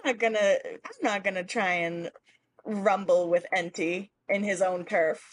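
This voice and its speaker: A woman's voice: medium pitch, measured pace, slight background noise. A woman with a Boston accent co-hosting a podcast in casual chat, giggling as she reads out listener questions, in a hazy, stoned state. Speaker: podcast co-host.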